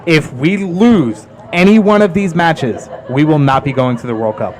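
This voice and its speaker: A man hosting a casual sports chat, steering the talk with quick dismissive jabs. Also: on the high side, lively intonation, a little mellow. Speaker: podcast host.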